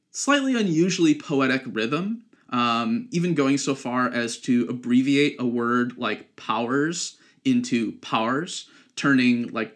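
A young man hosting a podcast, explaining literary details in a casual, chatty way with frequent ums and likes. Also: medium pitch. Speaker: podcast host.

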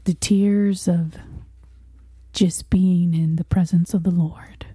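Soft breathy woman interviewer. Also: lowish voice, steady tone, takes it slowly, dry recording. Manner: soft, breathy, half-whispered questions. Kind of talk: faith interview.

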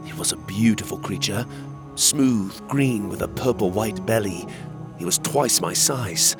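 A man narrating a children's fantasy story in the first person, with expressive storytelling. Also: fairly low pitch, unhurried, over music.

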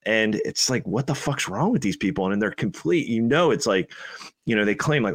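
A male podcast co-host in loose banter, swearing freely and ranting in long, rambling stretches. His pitch sits in a middle range. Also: very animated, moderate pace. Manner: profane, rambling rant.

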